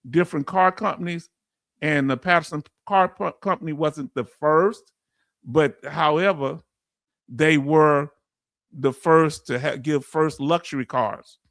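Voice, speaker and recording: A man's voice: fairly high pitch, no room sound, clean studio sound. Chatty Southern man host. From Southern United States. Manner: warm, chatty, with frequent fillers and restarts. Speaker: YouTube channel host. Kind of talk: live-stream chat shout-outs.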